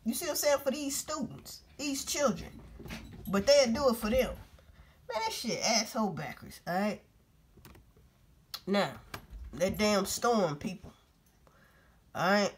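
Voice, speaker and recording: A woman's voice: mid-range voice, lively intonation, a little slow, pauses often, slight background noise. A woman vlogger commenting on news clips in a blunt, profane, casual way, talking straight to her viewers.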